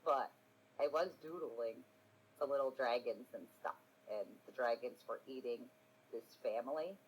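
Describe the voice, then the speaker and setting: A woman's voice: extremely low pitch, unhurried, a little hiss or hum, low-quality recording. A woman in her forties chatting on a live stream, rambling and self-mocking, swearing freely and laughing often. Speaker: streamer hosting a live podcast. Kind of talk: casual live-stream chat.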